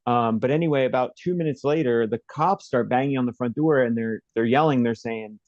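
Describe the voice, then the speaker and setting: A man interview guest recounting a personal story in a halting, rambling way, with many fillers and restarts. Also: medium pitch, darkish tone, dry recording, dull audio.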